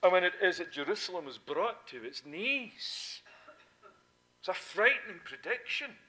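Male preacher, slightly high and sharp-toned, sermon delivery with big dynamic swings and emphatic repetition. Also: low-quality recording. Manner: swings between hushed, intimate asides and loud, emphatic proclamation; repeats key points for emphasis.

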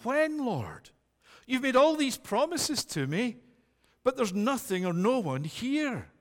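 A preacher doing old Abram pleading, high. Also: male voice, very animated, slow pace, long reverb tail, exaggerated voice.

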